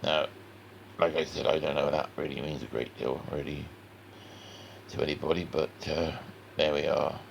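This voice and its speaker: A man with a West Country accent talks through a drawing lesson in a deep, heavily gravelly voice. He rambles in a folksy way and speaks straight to the viewer. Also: little pitch movement, moderate pace, a little hiss or hum. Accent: West Country English. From West Country of England. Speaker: cartoon artist. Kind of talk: chatty drawing tutorial.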